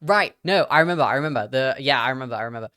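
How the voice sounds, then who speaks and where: A British streamer talking casually to a live audience from a home setup, rambling and chatty with lots of side remarks. The voice is clear and smooth at a middling pitch, and the accent drifts slightly toward whoever is in the conversation. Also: very fast, bright, forceful tone. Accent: British, drifting toward whoever they talk to. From Britain. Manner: rambling, chatty, trailing off into asides.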